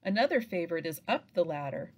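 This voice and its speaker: A woman giving an instructional training narration for early reading teachers, pausing to chant example phrases. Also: lowish voice. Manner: slow, lively delivery with chanted example phrases.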